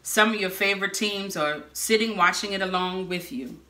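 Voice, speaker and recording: A woman preaching a sermon, telling stories with lively bursts of shouting. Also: mid-range voice, moderate pace. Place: church sanctuary or hall. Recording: echoey room.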